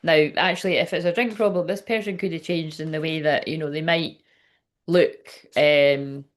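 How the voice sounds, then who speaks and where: A woman's voice: deep voice, fairly even intonation, normal speed. A woman giving a casual tarot reading, chatty and frank, swearing often and laughing as she talks. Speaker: tarot reader.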